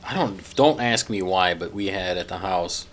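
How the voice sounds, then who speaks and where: A middle-aged man in casual conversation, telling anecdotes in a halting, rambling way. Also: sits low, slight background noise. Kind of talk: casual chat.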